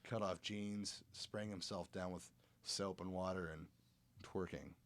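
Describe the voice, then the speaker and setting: A man's voice: sits low, steady tone, a little slow, fairly bright tone. A man hosting a casual comedic podcast, joking and laughing often as he talks. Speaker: podcast host. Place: small home studio.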